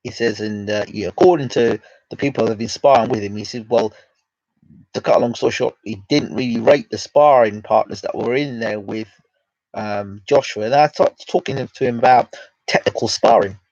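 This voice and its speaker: A man's voice: on the low side, moderate pace, a little mellow, no echo. A man hosting, casually retelling a conversation in a rambling way, stacking "he said, I said" as he goes. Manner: rambling storyteller, repeating "he said, I said". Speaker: host. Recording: dull lo-fi dry recording.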